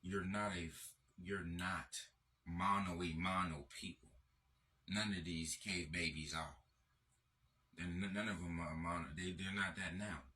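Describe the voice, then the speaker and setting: Male host, very deep and forceful, repetitive profane lecture style. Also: fairly even intonation, a little slow. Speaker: channel host. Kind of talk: lecturing monologue.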